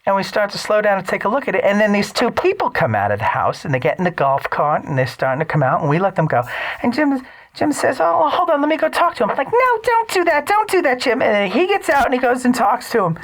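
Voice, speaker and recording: A man's voice: sits high, sing-song, fast, fairly bright tone, pitched above the performer's own voice, heavily acted. A man putting on an affected voice to play his chatty middle-aged mother telling a story, as a comic impression in casual chat. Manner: annoying affected voice.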